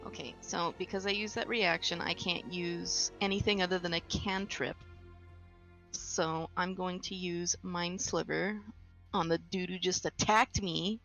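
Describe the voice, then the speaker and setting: A woman's voice: lowish voice, steady tone, measured pace, creaky, fairly bright tone, muffled recording, soft background music. A woman playing in a tabletop game, explaining her turn in a matter-of-fact way. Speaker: player. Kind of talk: casual tabletop game chat.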